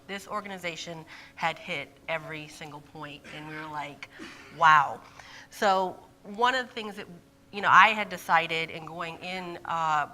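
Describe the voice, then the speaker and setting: Woman presenting, lively and laughy, bright and kinda low voice. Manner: animated and expressive, laughing often. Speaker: conference presenter. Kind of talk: conference talk.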